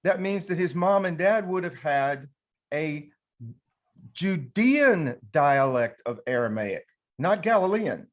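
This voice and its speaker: A man's voice: fairly high pitch, lively intonation, slow. A man with a Southern American accent hosting a casual panel discussion, talking in a folksy, conversational way with frequent restarts. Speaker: panel host and teacher.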